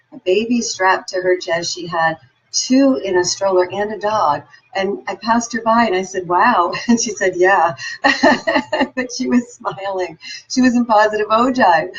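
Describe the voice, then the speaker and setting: A woman's voice: mid-range voice, husky, muffled recording. A woman giving an upbeat, encouraging motivational talk and telling personal stories. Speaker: motivational speaker.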